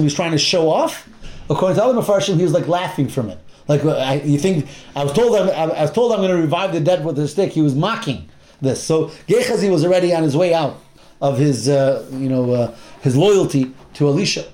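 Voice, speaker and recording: A man's voice: on the high side, expressive, fairly quick, a little mellow. A man teaching a Torah class, retelling a Bible story with acted-out quotes and Hebrew terms. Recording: roomy echo.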